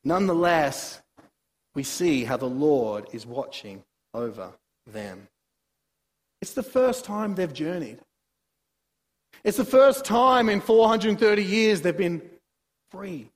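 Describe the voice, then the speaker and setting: Preacher, high voice, booming hall. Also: male voice, slow pace, long pauses. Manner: animated, swings between soft asides and emphatic bursts. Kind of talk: sermon, Bible exposition.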